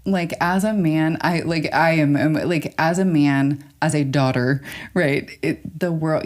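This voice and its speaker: Low-voiced woman, emphatic therapist guest. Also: a little slow. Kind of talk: conversational interview.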